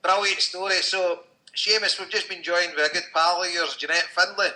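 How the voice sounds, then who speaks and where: A man hosting a podcast in a relaxed, informal way. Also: high-pitched, moderate pace, rough recording. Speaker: host.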